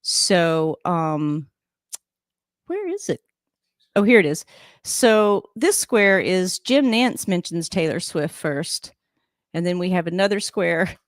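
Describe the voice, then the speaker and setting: A woman's voice: on the low side, big pitch swings, takes it slowly, no echo, studio quality. A woman hosting a casual live stream at home, chatting and rambling while reacting to a game on TV and laughing often.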